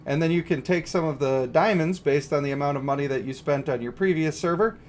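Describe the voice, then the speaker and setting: A man's voice: on the high side, brisk, a little mellow, a little hiss or hum. A man giving casual, joking livestream commentary on a mobile game and greeting viewers. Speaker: gaming streamer.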